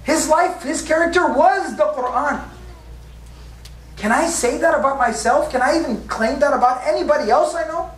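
A man's voice: very high voice, moderate pace, a little hiss or hum. Man preaching in an echoey hall. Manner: rhetorical questions, emphatic repetition. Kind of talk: sermon. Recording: echoey room from a distance.

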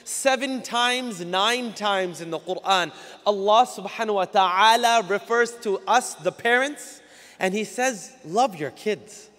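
A man's voice: sits high, unhurried, fairly bright tone. A man from North America giving an earnest, conversational religious talk to a live audience on a stage. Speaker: guest speaker at a Muslim community talk. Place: large hall with a stage. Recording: long hall reverb.

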